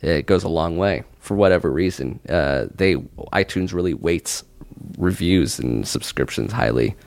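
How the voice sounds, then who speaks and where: A man's voice: low-pitched, normal speed, creaky, darkish tone, no room sound. A man co-hosting a comedy podcast in casual chat, rambling and laughing often as he reads out ads and show news. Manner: laughs often, rambling, mock-exasperated riffs. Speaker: podcast co-host.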